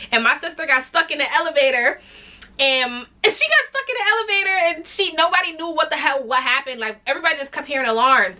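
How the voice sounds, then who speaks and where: A young woman telling a story in a casual vlog, animated and candid, swearing freely and acting out other people's voices. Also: high voice. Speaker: vlogger.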